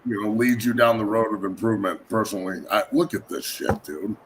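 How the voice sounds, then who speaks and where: A man's voice: lowish voice, fairly quick, heavy background noise. A man who is a guest on a sports talk show, chatting bluntly and swearing freely. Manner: blunt, profane, expressive. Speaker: show guest, former college football player. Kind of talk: casual chat.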